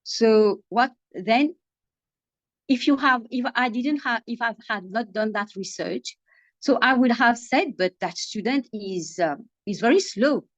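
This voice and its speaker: A woman's voice: fairly high pitch, a little slow, no echo. A woman teacher with a Mauritian accent, explaining thoughtfully in an interview with many restarts. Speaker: English teacher. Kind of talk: video call interview answer. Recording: dry, muffled video call audio.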